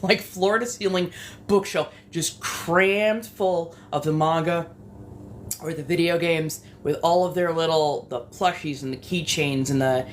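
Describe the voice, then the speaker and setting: Young woman, West Coast accent, low-pitched, loose chatty streamer delivery with cursing and asides. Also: slight background noise. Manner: chatty, swearing, rambling asides. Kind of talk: casual live-stream chat.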